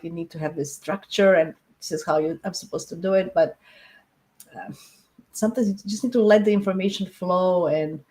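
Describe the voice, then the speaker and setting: A woman's voice: lowish voice, mellow. Chatty woman hosting an astrology live. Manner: chatty, encouraging, laughs often. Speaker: astrology show host. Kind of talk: casual live-stream chat.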